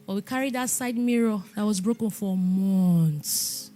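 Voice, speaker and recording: A woman pastor giving a lively testimony sermon in an animated storytelling manner. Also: mid-range voice, measured pace. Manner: animated storytelling, laughing and exclaiming.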